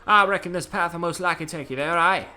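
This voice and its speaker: A man's voice: fairly high pitch, fast, pushed and bright, soft background music, pitched above the performer's own voice. A man doing a jittery Scottish-ish hider. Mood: wary. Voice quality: rough attempt at a Scottish lilt. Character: nervous hiding man, vaguely Scottish-sounding.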